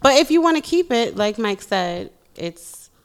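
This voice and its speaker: Co-host, New woman, slow and teasing, gravelly but smooth. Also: on the high side, big pitch swings. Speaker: podcast co-host. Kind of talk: casual chat.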